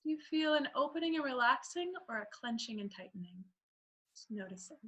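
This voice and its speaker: A woman leads a singing lesson with a bright, clear tone, in a fairly high speaking voice. She talks casually and stops to sing short sounds as examples. Her delivery is relaxed, with easy fillers between points. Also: quick pace. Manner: demonstrates sounds with sung vocal examples. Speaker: voice teacher. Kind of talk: teaching a singing class.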